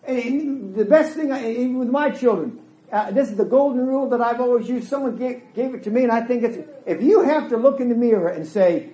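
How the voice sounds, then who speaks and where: A man's voice: very high voice, brisk, mellow. A middle-aged man preaching a sermon in a church hall, emphatic and folksy, voicing quoted dialogue as he goes. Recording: echoey hall.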